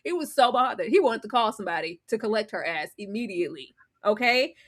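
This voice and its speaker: A woman's voice: mid-range voice, quick pace. A woman in casual reality TV recap chat, acting out quotes and laughing often. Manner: animated, acts out quotes with laughter. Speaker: guest co-host.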